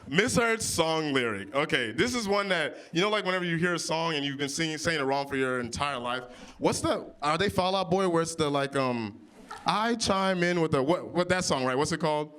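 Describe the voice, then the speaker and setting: A man in his early thirties doing improvised stand-up comedy on audience topics, with big jumps in pitch when he quotes people. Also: a little fast, smooth. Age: 30s. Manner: animated, jumps high for quoted voices. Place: comedy club stage. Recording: live venue with audience.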